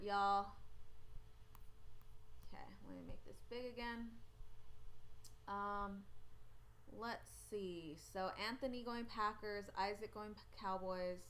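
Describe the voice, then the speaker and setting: Slight background noise sits behind a woman's pushed, bright, medium-pitched voice. She hosts a sports picks stream from home, chatting through viewers' picks and comments on webcam in a rambling way that often loses track.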